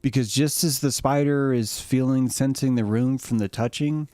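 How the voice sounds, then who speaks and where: A man's voice: mid-range voice, steady tone, normal speed, mellow, dry recording, studio quality. A man hosting a show, giving a rambling comedic monologue in a profane way and breaking into laughter at his own jokes. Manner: rambling, profane, keeps cracking himself up. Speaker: host.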